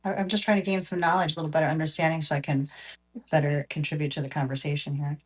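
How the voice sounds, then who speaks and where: A woman's voice: low-pitched, level tone, fast. A woman on a casual online panel who asks questions and teases the host.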